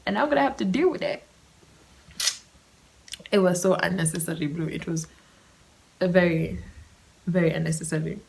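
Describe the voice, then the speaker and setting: A woman's voice: fairly low pitch, moderate pace, gravelly, long pauses, a little mellow, rough recording. A young woman telling a story on her solo podcast, chatty and slangy, often dropping into a whisper. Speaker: podcast host.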